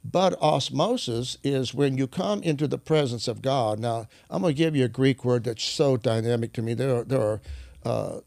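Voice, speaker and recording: A man who is a minister, telling stories in an animated, preaching style, often clearing his throat. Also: mid-range voice, normal speed, no room sound. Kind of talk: storytelling preaching conversation.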